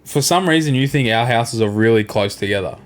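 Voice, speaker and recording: A young man co-hosting a podcast, telling sweary, animated stories in casual banter. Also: mid-range voice, fairly quick. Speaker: podcast co-host.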